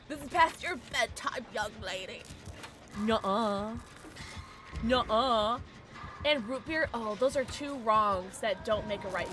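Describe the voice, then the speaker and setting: Excitable young woman streamer, bright voice. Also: mid-range voice, a little hiss or hum. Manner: excitable, jumpy, swears and shrieks when scared. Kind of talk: casual gaming livestream chat.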